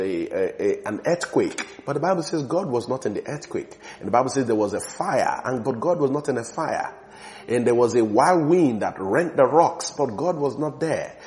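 A man with a medium-pitched voice preaches a sermon emphatically, repeating words for stress and swinging between soft and loud passages.

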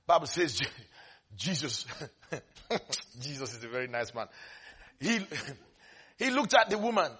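Animated preacher, bright and husky. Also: male voice, a little high, a little slow, long pauses. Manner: animated, swings from soft asides to shouting; laughs often while preaching. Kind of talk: sermon. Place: church service.

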